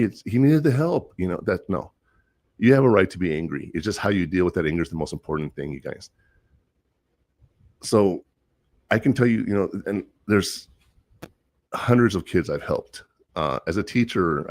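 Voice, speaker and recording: Low-voiced man telling earnest stories. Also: dry recording, clean studio sound. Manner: rambling, earnest storytelling with many fillers. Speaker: teacher and counselor. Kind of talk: casual monologue.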